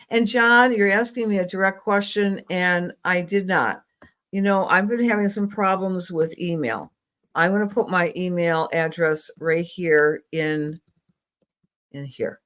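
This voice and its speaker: A middle-aged woman astrologer giving psychic readings on a live stream, affectionate and rambling, with many fillers. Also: fairly low pitch.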